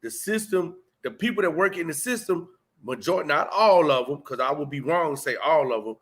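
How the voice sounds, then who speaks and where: A man with a high, bright voice talks in a loose, animated way. He leans into street slang and acts out heated exchanges with rising intensity. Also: a little fast, breathy edge. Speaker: host. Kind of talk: casual conversation.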